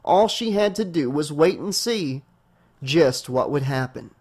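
A male audiobook narrator reading a horror novel aloud. His voice sits a little high for a man, and he keeps a steady storytelling pace. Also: measured pace, breathy edge.

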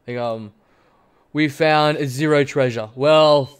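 A man's voice: on the high side, slow pace, smooth. A young man giving rambling, profane gaming commentary as a VTuber streamer, full of fillers and jokey mock-presenter lines.

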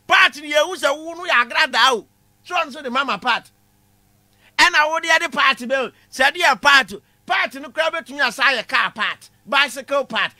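A man lecturing a class for laughs, his voice pitched very high and sharply bright. He gets animated, shouts his punchlines and laughs at his own jokes. The recording is close and dry. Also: no room sound. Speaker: comedy lecturer.

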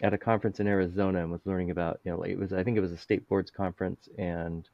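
Brief: man, interview host, low voice, rambling and chuckly, dry and muffled sound. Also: flat delivery, very fast, creaky, no room sound. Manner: rambling, many fillers, chuckles often. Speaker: podcast host. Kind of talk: casual interview chat.

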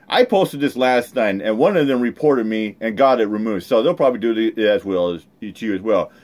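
A man with a fairly high voice delivers angry reaction commentary. He rants in a heated, profane way, breaking off his points to vent. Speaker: online commentator.

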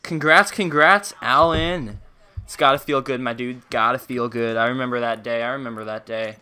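A man's voice: mid-range voice, normal speed, pushed and bright, smooth. A young man streaming a game, chatting casually and playfully, greeting viewers by name. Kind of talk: casual live-stream chat while gaming.

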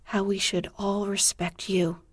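A woman's voice: mid-range voice, flat delivery, unhurried, no echo, studio quality. Peter Pan, a woman whispering a sly coaxing boy. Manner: soft, breathy, hushed. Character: Peter Pan, cocky sly boy who never grows up.

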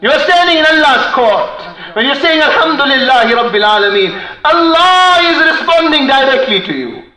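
A man preaching a sermon with passion, breaking into fast Arabic recitation of poetry, recorded in a mosque hall. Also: very high-pitched, big pitch swings, sharp tone. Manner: impassioned, quotes Arabic poetry in rapid recitation. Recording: echoey hall.

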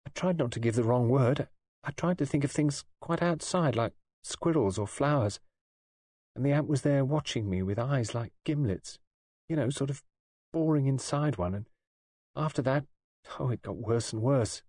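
A man's voice: mid-range voice, moderate pace, husky, no room sound, studio quality, voice pushed up, natural voice. A man voicing a shy, distressed young woman who speaks hesitantly, in an audiobook reading. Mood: anguished. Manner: soft, hesitant, faltering. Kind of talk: audiobook dialogue.

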